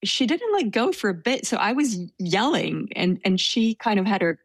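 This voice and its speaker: A woman's voice: medium pitch, very animated, normal speed, dry recording. A woman recounting a personal story in a casual interview, hesitant and self-deprecating, with frequent fillers and small laughs.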